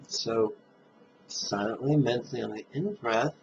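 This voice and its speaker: A man leading a guided meditation, speaking calmly and drawing out his recitations. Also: medium pitch. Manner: slow, calm, drawn-out recitation. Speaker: meditation teacher. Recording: dull lo-fi sound with faint noise.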